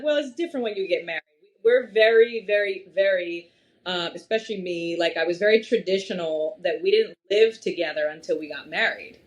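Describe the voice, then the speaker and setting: A young adult woman chatting as a podcast guest, animated and laughing often as she talks. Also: mid-range voice, a little fast. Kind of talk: casual conversation.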